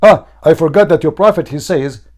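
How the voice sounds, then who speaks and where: A hoarse man hosting a heated online debate, pressing his questions again and again in a mocking, insistent way. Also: on the high side, brisk, darkish tone. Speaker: debate host.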